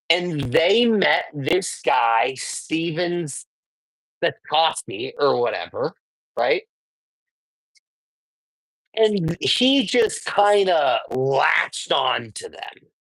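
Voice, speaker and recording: A male host tells a story at an unhurried pace, his pitch swinging up and down freely. He rambles in a casual, chatty way and keeps tossing in "right?". The recording is dry and close. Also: creaky, fairly bright tone, no echo, low-quality recording. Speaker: host of a sports card show. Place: sports memorabilia shop.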